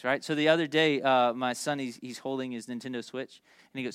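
A man in his thirties preaching a sermon, animated and jokey, telling stories with quick asides. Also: mid-range voice, smooth, dry recording, studio quality. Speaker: pastor.

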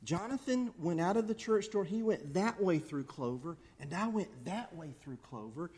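A man preaching a sermon to his church, animated, acting out angry outbursts along the way. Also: high voice, moderate pace, slightly rough. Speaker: pastor. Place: church sanctuary.

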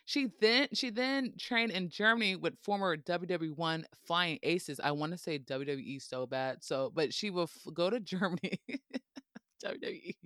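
A playful podcast host narrates history in a chatty, joking manner and laughs frequently. The pitch is medium and the tone fairly bright, with dry, close, echo-free sound.

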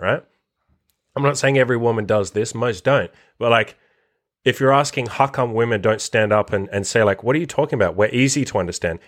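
A man hosting a casual podcast monologue, blunt and profane, swearing constantly as he reacts to a list. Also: fairly low pitch. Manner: animated, reacting to a written list. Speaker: podcast host and dating coach.

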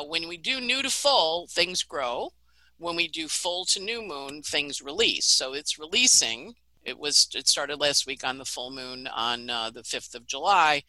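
A middle-aged woman astrologer giving a casual, animated forecast, laughing at her own stories. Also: deep voice, dry recording, low-quality recording.

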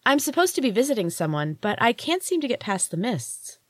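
A cold-hearted young sorceress speaking with brittle, falsely bright sweetness, her patience plainly wearing thin, as a woman reads her in an audiobook. The voice is lifted above the narrator's low natural pitch, recorded dry and close. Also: very animated, a little fast, no echo. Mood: sweet. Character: cold, impatient young sorceress feigning friendliness.

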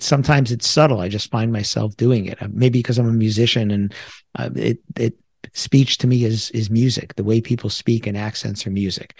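A man's voice: on the low side, vocal fry, darkish tone, no room sound, studio quality. A middle-aged man from the New York area hosting a solo podcast, talking things through in a reflective, conversational way with self-deprecating asides. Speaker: podcast host.

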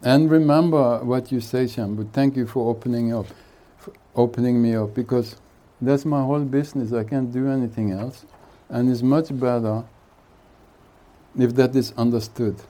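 A man speaking as a spiritual teacher at a retreat, giving an unhurried satsang talk with jokes and chuckling between his thoughts. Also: medium pitch, fairly even intonation, mellow. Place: retreat hall.

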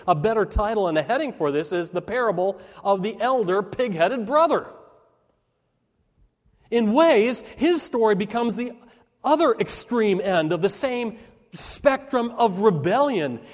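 Pastor, male, high voice, earnest sermon delivery, long hall reverb. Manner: earnest preaching with emphatic rises and slowed, dropping phrases.

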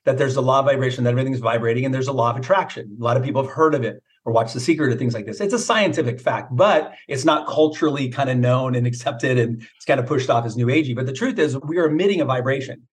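A man's voice: medium pitch, fast, hardly any pauses. A middle-aged man, a mindset coach, talking casually and emphatically, coaching with rhetorical questions. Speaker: mindset coach, podcast guest. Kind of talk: casual motivational talk.

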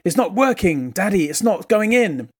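An eager little boy of two, pleading and childlike, as a grown man voices him. He sits high in pitch, far above the man's own speaking voice. The voice is a storyteller's sketch of a toddler. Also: sing-song, moderate pace, husky, heavily acted. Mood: insistent.

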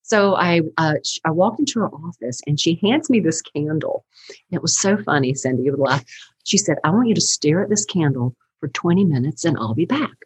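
A middle-aged woman, a counselor and teacher, telling her story in an animated, chatty way during a podcast interview, laughing often. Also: deep voice, brisk, husky, dry recording, low-quality recording.

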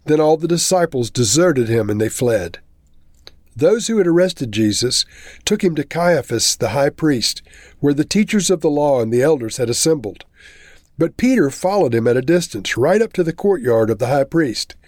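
A man's voice: a little high, lively intonation, normal speed, darkish tone, no room sound, clean studio sound. A man reading a Bible chapter aloud and then explaining it in a plain teaching manner.

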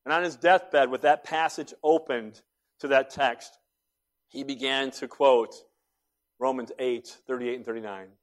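A man preaching a sermon in a church, dropping to a hush and rising to loud, urgent appeals. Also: mid-range voice, steady tone, measured pace. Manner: preaching with big swings between hushed and loud. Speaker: pastor.

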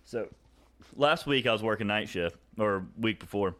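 A man's voice: fairly low pitch, animated, moderate pace, a bit bright. A man on a podcast telling rambling, profane stories in casual chat, laughing often as he talks.

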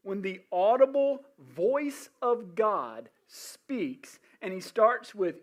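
Male pastor with a high voice, animated sermon storyteller. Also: slow pace, few pauses. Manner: animated storytelling with frequent restarts and asides.

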